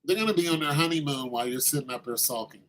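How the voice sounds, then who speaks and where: A man telling a story in a casual monologue, animated and slangy, acting out the quoted voices. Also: on the high side, racing, slight background noise, rough recording.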